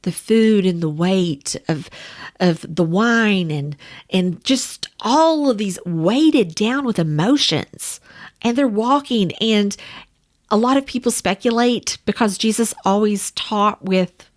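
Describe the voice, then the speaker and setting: A woman's voice: medium pitch, expressive, takes it slowly. A woman teaching a Bible study in a conversational way, speaking to her listeners as friends. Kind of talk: casual teaching.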